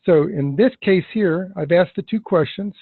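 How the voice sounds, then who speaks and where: A man teaching sales technique in a webinar, emphatic, acting out scripted questions with deliberate pauses. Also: high-pitched, creaky, husky, no room sound. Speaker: sales trainer. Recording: tinny phone-like webinar audio.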